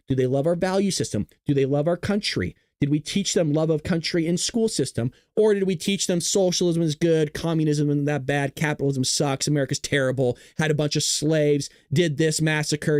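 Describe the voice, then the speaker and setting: A man with a fairly high voice hosts a live-streamed political commentary show, bouncing between excitable play-by-play, jokes and combative jabs at his chat. He talks close to the microphone in a dry, deadened sound with no room echo. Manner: excitable, joking and combative, talking straight to chat. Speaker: livestream news host.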